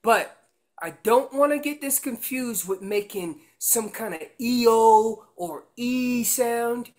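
A man's voice: very high-pitched, takes it slowly, darkish tone. A man explaining how to make an elk call, teaching in an earnest way and often repeating words as he goes. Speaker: elk calling instructor.

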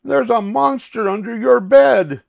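A man voicing an excitable, jittery male pig in a storybook, loud and panicky. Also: on the high side, moderate pace, vocal fry, pitched above the performer's own voice, full character voice. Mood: panicked. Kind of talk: storybook reading.

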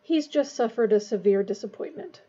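Serene elderly headmaster, unhurried, read by a woman. Husky, lo-fi. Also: on the high side. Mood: gentle. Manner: quiet, calm. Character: calm wise old male headmaster.

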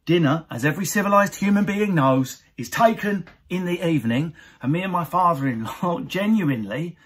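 A man from Essex doing an animated stand-up routine to camera, often jumping into high mocking voices of other people. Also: moderate pace, slightly rough. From Essex, England. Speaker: stand-up comedian.

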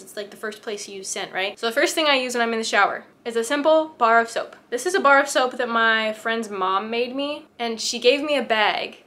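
A woman's voice: fairly high pitch, bright, forceful tone. A woman in her twenties chatting casually to camera in a vlog, bubbly and giggly. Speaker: beauty vlogger.

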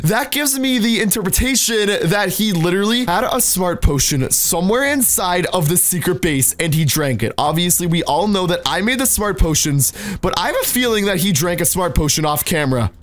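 A man narrating Minecraft gameplay with excited, exclamatory commentary, talking straight to his viewers. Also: sits high, moderate pace, hardly any pauses. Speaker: Minecraft gaming YouTuber.

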